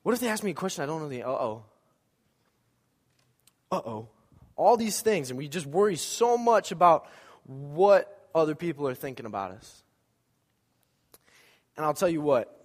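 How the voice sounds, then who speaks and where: A male pastor delivers a sermon in a lively storytelling manner. He jokes with the congregation and slips into voices to act out the scenes. His slightly high voice rings through a church with a long reverb. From American Midwest. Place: church sanctuary.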